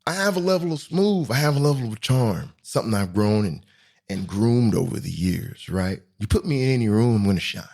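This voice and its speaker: Animated man hosting a comedic monologue. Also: a little fast, vocal fry. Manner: animated, jumps between high and low pitch, laughs often. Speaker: podcast host.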